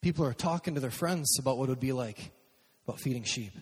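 A man voicing an eager, boastful teenage boy who gushes in a breathless, high-pitched rush. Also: fast talker, breathy edge, lightly acted. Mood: gushing excited. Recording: long hall reverb.

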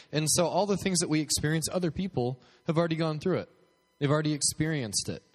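Man, pastor; joking sermon to a crowd, church hall with long reverb. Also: a little high. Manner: joking, asks the crowd questions. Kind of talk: sermon with prayer.

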